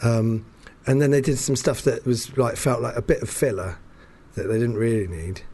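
A man's voice: mid-range voice, fairly even intonation, moderate pace, darkish tone, breathy edge. A man telling a story in casual chat, rambling, restarting his sentences often and laughing between them.

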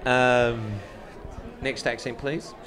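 A man's voice: medium pitch, steady tone, extremely slow, a bit bright. A man from England hosting a comedy podcast, teasing his guests and laughing often. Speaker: host.

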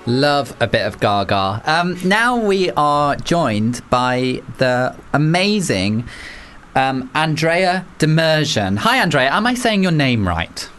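A man's voice: on the high side, very animated, slow pace, fairly bright tone, clear, resonant tone, soft background music. An English man hosting a casual chat, rambling with plenty of fillers. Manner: chatty, rambling, lots of fillers. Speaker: podcast host.

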